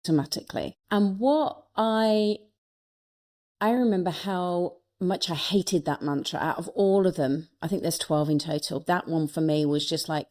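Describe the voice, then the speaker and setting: Lady coach, a bit low pitched, telling stories from her life, earnest and reflective. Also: normal speed, darkish tone. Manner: earnest, thoughtful, personal. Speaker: speaker and coach, interview guest. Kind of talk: reflective conversational storytelling.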